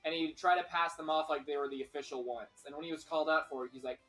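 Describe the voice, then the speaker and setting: A man's voice: fairly high pitch, fairly even intonation, quick pace, a bit bright, soft background music, rough recording. A man on a casual game stream, rambling through a story with lots of fillers and swearing. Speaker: streamer co-host.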